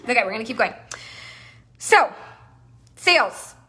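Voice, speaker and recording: At a moderate pace and a fairly high pitch, a female business coach runs a live masterclass with animated, playful energy. She voices the thoughts running through people's heads.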